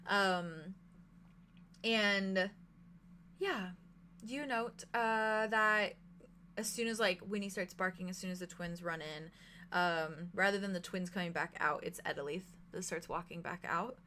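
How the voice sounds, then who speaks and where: A woman's voice: lowish voice, a little slow, bright, forceful tone, a little hiss or hum. A woman narrating a tabletop role-playing game as game master, chatty and giggly with many fillers.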